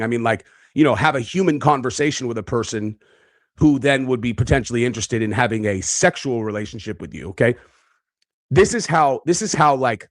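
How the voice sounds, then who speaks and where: A man's voice: medium pitch, no echo, clean studio sound. A man giving casual reaction commentary, brash and profane, boastful, talking in bursts with frequent fillers. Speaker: online commentator.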